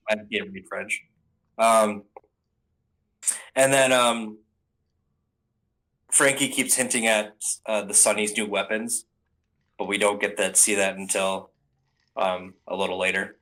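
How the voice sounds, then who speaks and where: A man's voice: on the low side, fairly even intonation, slow, long pauses, pushed and bright, poor audio. Rambling casual male anime reviewer. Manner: rambling, with frequent ums and restarts. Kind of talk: casual spoken recap.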